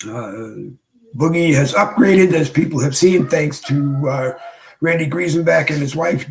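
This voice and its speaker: A man hosting his own livestream show, talking casually and rambling with many pauses from his home studio desk. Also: a little high, gravelly, low-quality recording. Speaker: show host.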